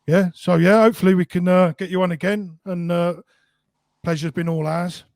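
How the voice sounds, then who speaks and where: A man with a West Midlands accent chatting casually as a podcast co-host, rambling and self-deprecating, tripping over and repeating his words. His voice sits a touch high, and the sound is dry and close with no room echo. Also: steady tone, moderate pace, vocal fry, darkish tone. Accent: West Midlands English.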